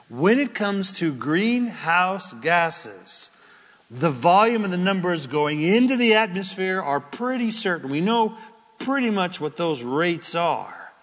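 Rambling man with a high voice. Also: a bit bright, big-room sound. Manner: rambling, jokey asides, self-interrupting. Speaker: Christian radio or podcast host. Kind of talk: casual opinionated monologue.

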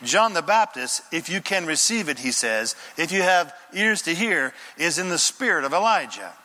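A man's voice: a little high, big pitch swings, moderate pace, bright, forceful tone, in a large hall. A man preaching a sermon as pastor, telling a story with sound effects and little character voices.

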